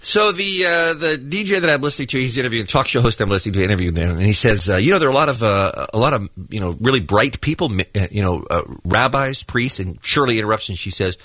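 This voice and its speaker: A man's voice: mid-range voice, lively intonation, fast talker, hardly any pauses, sharp tone, no echo. A man co-hosting a morning radio talk show, telling a story in a chatty way with many fillers, in a studio. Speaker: radio co-host. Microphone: studio microphone.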